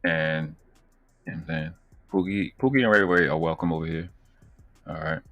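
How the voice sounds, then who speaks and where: A man's voice: extremely low pitch, normal speed, dull audio, faint music behind. A man with a Baltimore accent hosting a live stream, talking loose and profane, rambling with slang. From Baltimore, USA. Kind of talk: casual live stream commentary.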